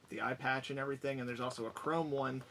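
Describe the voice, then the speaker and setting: A man's voice: mid-range voice, steady tone, fast talker, fairly bright tone, slight background noise. A man in a casual vlog, enthusiastically rambling as he rattles off items from his collection one after another.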